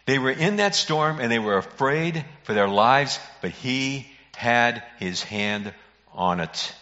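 A man, a pastor, preaching a sermon in an earnest, emphatic way with dramatic pauses. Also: mid-range voice, lively intonation, sharp tone. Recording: muffled audio in a reverberant hall.

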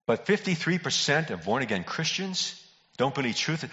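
An older man with a medium-pitched, sing-song, fairly bright voice preaches a sermon at a moderate pace in a church sanctuary. He is folksy and conversational, telling jokes and calling out to people in the pews. The recording is dull, made in a reverberant hall.

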